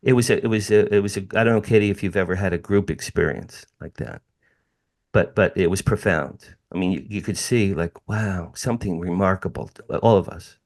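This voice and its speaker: Man, middle-aged, lowish voice, animated storytelling, emphatic repetition, podcast guest over a call. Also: brisk. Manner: emphatic, repeats phrases, addresses listeners as "you guys". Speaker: guest telling a personal story.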